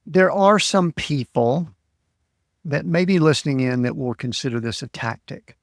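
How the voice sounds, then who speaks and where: A man's voice: fairly high pitch, normal speed, dry recording, clean studio sound. A man who hosts a podcast and works as a coach, asking reflective, probing questions in a conversational interview.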